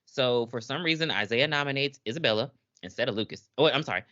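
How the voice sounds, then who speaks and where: A man's voice: medium pitch, fast talker, dull audio. A man co-hosting a podcast, recapping a TV episode in rambling casual chat. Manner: lively, laughs often, rambling restarts. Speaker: podcast co-host.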